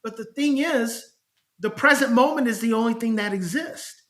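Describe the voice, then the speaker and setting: On a podcast, a middle-aged child behavior specialist with a very high-pitched voice, talking at normal speed, tells stories in a conversational way. When quoting parents, he animatedly acts out their voices.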